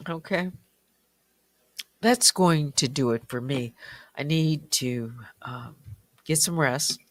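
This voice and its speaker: A stream host chatting late at night, slow and quiet and often dropping to a whisper, with a slightly dry, strained voice. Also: medium pitch, no echo. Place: small warm room at home.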